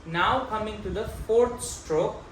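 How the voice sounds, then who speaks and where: A man gives a slow, patient drum lesson and chants each stroke's syllable as he demonstrates. His talk is unhurried and plainly instructive. The recording is echoey and carries clear background noise. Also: sits high, fairly bright tone. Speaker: mridanga teacher. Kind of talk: slow step-by-step music lesson.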